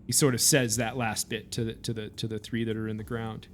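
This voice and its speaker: A man's voice: fairly low pitch, little pitch movement, fairly quick, a little hiss or hum. A man narrating a tabletop game as game master, in a casual, hesitant way with many fillers.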